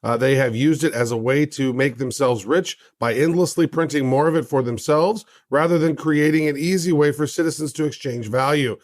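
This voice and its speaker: A man's voice: a little high, normal speed, few pauses, no echo, clean studio sound. A man co-hosting a podcast in casual chat, full of playful banter and slang. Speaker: podcast co-host.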